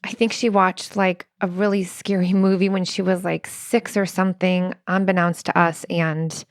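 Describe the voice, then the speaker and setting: A woman co-hosts a relationship podcast, sharing earnest personal stories with quoted dialogue as part of a relationship advice conversation. Her voice is on the low side with little pitch movement and a normal speed. The recording is dry, with clean studio sound.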